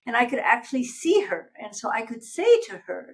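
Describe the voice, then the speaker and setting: Older woman, coach, guest in an interview, animated storyteller, acts out voices. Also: fairly high pitch, moderate pace, poor audio. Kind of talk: casual interview conversation.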